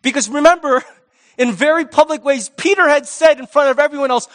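Man, pastor, sermon, high voice, chatty and lively. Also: a little fast. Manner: conversational, lively, uses sports talk.

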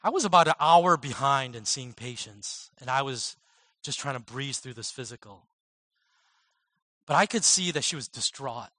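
A man giving a storytelling sermon as a guest speaker and physician, mixing personal anecdotes and self-deprecating laughs, moving from animated passages to very soft, slow ones. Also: medium pitch, no echo. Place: church service.

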